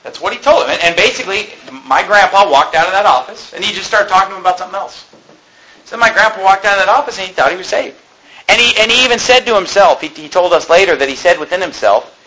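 A man preaching a fiery sermon, rising to shouts at his peaks and dropping to a conversational tone for stories. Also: high-pitched, animated, fast, low-quality recording. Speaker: pastor.

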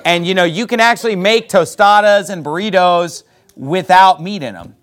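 A man preaching a sermon, reading scripture aloud and mocking whiners with exaggerated voices. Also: normal speed. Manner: preaching with animated high outbursts and scripture reading. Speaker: pastor.

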